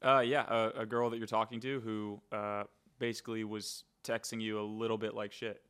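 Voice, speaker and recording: A man's voice: lowish voice, level tone, moderate pace, fairly bright tone, clear, resonant tone. A man hosting a podcast interview, asking questions in an easygoing, casual way. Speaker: podcast host.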